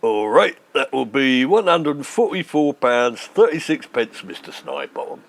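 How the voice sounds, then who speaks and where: A man voicing a roguish, gravelly chancer with a sly salesman's patter. The voice sits low and rough, with lively swings in pitch, in a comic audio sketch. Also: moderate pace, background noise. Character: cackling roguish middle-aged con man, gravelly.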